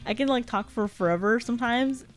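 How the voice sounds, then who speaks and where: A woman's voice: fairly high pitch, a little fast, soft background music. A young woman streaming a casual chat, rambling and giggly, often apologizing and filling with "like" and "um".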